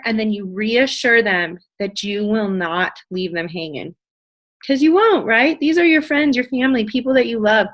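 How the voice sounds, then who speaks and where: A young woman coaching her audience with bubbly, eager energy, her voice sitting a little high. She keeps slipping into quick acted-out snippets of conversation as she teaches. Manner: bubbly, enthusiastic, acts out conversations. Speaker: network marketing trainer. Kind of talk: motivational training talk.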